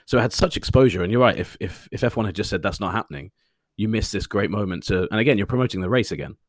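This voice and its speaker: A man's voice: on the low side, fast, no room sound, studio quality. An English man co-hosting a podcast, chatting casually and joking about himself. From England. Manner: animated, self-mocking, laughs at own jokes. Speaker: podcast co-host. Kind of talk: casual chat.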